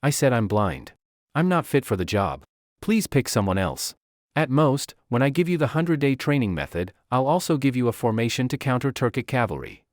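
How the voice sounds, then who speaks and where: A man's voice: medium pitch, big pitch swings, moderate pace, dry recording, clean studio sound, natural voice. A man voicing a sly young lord playing blind. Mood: pleading. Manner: wheedling, pleading, mock-pitiful.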